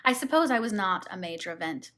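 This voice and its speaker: A woman narrates a classic novel as an audiobook reader. Her reading is steady and measured, in a voice of middle pitch for a woman.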